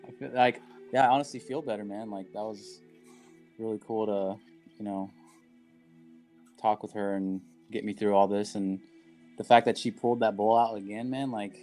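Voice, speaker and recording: A man's voice: lowish voice, steady tone, moderate pace, pauses often, a little mellow, faint music behind. A man playing a tabletop game, talking earnestly with many "like"s and "man"s. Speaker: player. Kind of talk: tabletop role-play.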